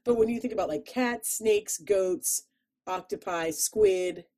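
Mellow-voiced Chicago woman, playful. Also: mid-range voice. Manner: playful, rambling, quick to laugh. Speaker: podcast co-host. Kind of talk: casual chat.

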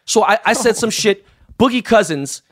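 A man's voice: high-pitched, expressive, normal speed, fairly bright tone. A man from Los Angeles telling wild, profanity-laced anecdotes in casual chat, acting out the people he quotes. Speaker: guest.

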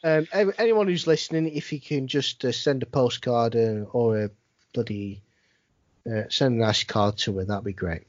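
A man's voice: mid-range voice, moderate pace, dry recording. A man, co-hosting a podcast from home in casual, sweary, rambling banter. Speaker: wrestling podcast co-host. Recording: lo-fi dry home mic.

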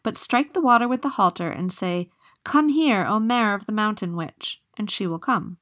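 A woman's voice: medium pitch, expressive, fairly quick, fairly bright tone, no echo, studio quality. A woman voicing a kindly, helpful talking fish in a storybook reading. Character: helpful grateful fish, male.

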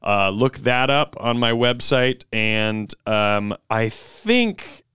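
A man's voice: mid-range voice, lively intonation, slow pace, fairly bright tone, clear, resonant tone, no echo, clean studio sound. A man co-hosting a comedy podcast, chatting playfully with lots of fillers and hesitations. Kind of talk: casual comedic chat.

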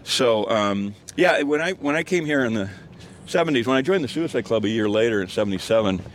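An older man with a mid-range voice and lively intonation speaks briskly, over a little hiss or hum. Walking outdoors on a hillside as the guest storyteller, he tells a rambling story full of fillers and restarts, laughing frequently.

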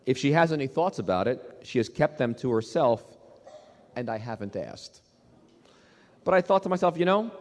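A man's voice: mid-range voice, darkish tone. A man preaching a sermon as pastor, speaking emphatically, repeating key phrases and putting questions to the congregation. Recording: long hall reverb.

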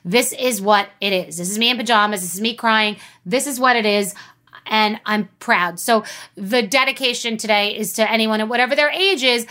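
A woman's voice: on the high side, fairly quick, sharp tone. A woman hosts a podcast, speaking candidly and emotionally in short repeated statements. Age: 50s. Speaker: podcast host. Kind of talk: personal monologue and interview.

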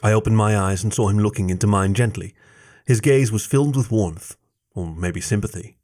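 A man narrating a first-person story aloud in a measured, soft-spoken reading. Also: lowish voice. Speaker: story reader.

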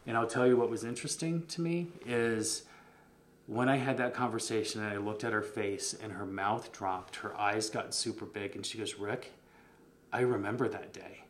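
A man's voice: lowish voice, fairly even intonation, moderate pace, reverberant, a little hiss or hum. A middle-aged man candidly telling a personal story as a podcast guest, earnest and openly emotional, with frequent ums.

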